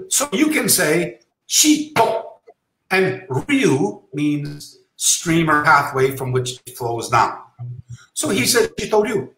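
A man and karate master telling an anecdote, lively and acting out dialogue, dropping Japanese terms into his speech. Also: fairly high pitch, echoey room, low-quality recording. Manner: animated, acts out remembered dialogue. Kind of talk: anecdotal storytelling.

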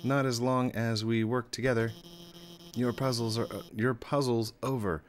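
A man's voice: medium pitch, steady tone, moderate pace, a little hiss or hum, natural voice. A man voicing a nervous, nerdy female lizard scientist who stammers and gets flustered.

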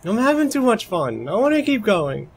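Husky-voiced man streaming a game. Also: high voice, sing-song, normal speed. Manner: chatty, muttering to himself, bursts into playful shrieks. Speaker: video game live streamer. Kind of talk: live gameplay commentary. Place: home room, roommate asleep nearby.

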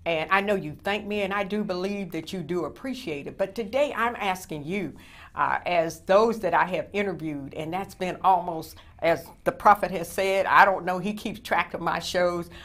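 A woman with a slightly low voice makes an earnest telethon appeal to her past interview guests. She pleads with frequent small hesitations, asking them to give something today. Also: moderate pace, a bit bright. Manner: earnest pleading, with many "uh" fillers and affirmations. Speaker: Christian network show host.

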